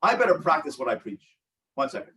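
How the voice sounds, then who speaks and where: A high-voiced older man teaches a support group over a video call, animated and storytelling. He acts out the voices of the people in his anecdotes. The mic sits a little away from him. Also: brisk, far from the mic, low-quality recording. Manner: animated storytelling with acted-out quotes. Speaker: rabbi and relationship coach. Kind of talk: online support group talk.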